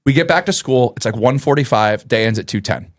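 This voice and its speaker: A man's voice: medium pitch, lively intonation, a little fast, no room sound, clean studio sound. A middle-aged man, a teacher co-hosting a podcast, telling a story in casual chat and acting out the quoted lines with laughs.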